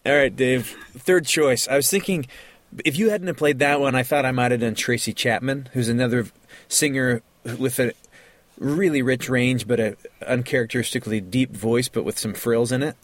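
A man's voice: mid-range voice, normal speed, dry recording. A man hosting a music podcast, talking in an enthusiastic, chatty way with many fillers. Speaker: podcast host. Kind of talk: casual chat about music.

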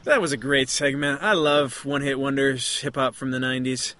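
A man's voice: medium pitch, fairly even intonation, fairly quick, bright, forceful tone, no echo. Playful male podcast host. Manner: playful, teasing. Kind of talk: casual chat.

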